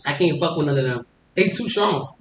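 A woman guest on a casual podcast, telling profane, animated stories with lots of laughter. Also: sits low, fairly quick. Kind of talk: casual storytelling chat. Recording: echoey room with faint noise.

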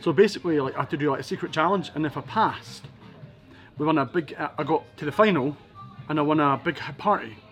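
A Scottish man from Edinburgh, a podcast guest telling animated anecdotes with wry asides. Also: fairly high pitch, quick pace, faint music behind. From Scotland, Edinburgh. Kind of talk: casual storytelling interview.

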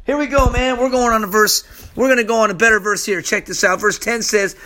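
A man's voice: high-pitched, steady tone, a little fast, pushed and bright. A man teaching from the Bible in a casual, slangy way. He is hyper and acts out the characters as he goes. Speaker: preacher.

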